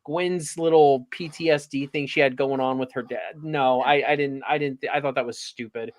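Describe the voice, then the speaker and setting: A man's voice: medium pitch, steady tone, normal speed. A man in a casual review chat, stammering and repeating words as he vents his frustration.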